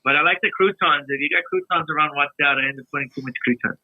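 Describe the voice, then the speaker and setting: A man chatting casually as a podcast guest, relaxed and storytelling, often trailing off mid-sentence. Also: a little high, rapid-fire, no echo. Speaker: guest videographer. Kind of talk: casual chat. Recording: tinny phone-like line.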